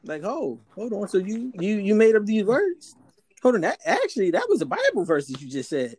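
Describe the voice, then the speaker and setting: A man co-hosts a casual podcast chat, making earnest points and putting on quoted voices to act things out. His voice sits fairly high. It sounds dry and close to the mic. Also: wildly swooping pitch, normal speed, a little mellow, slightly rough, dry recording. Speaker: podcast co-host.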